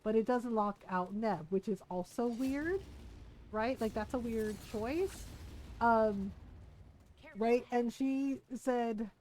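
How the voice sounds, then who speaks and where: A high-pitched woman talking casually to her viewers while she plays. She rambles animatedly, drops plenty of swear words, and slips into little voices to act out what her friends said. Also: slow, poor audio. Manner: animated, chatty, swears freely, acts out quoted friends. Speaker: game streamer. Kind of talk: casual chat while streaming a game.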